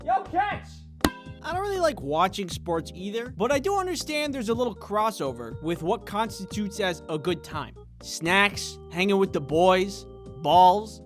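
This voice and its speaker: A young man with a high voice spins a comedic story, and his pitch leaps all over as he goes. He sounds sarcastic and self-deprecating. Faint music plays underneath. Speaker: animated storytime creator.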